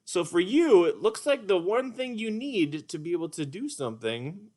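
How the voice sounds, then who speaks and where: A man running a puppet lesson for kids, speaking in a gentle, patient and encouraging way. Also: high-pitched, very animated, moderate pace, hardly any pauses. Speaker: puppeteer and teacher.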